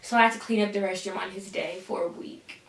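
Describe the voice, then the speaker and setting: Speaking fast with vocal fry, a teenage girl tells a storytime vlog in a steady, medium-pitched voice. She's far from the mic in an echoey room, delivering her tale casually with sass, dramatic asides, and the word "honey."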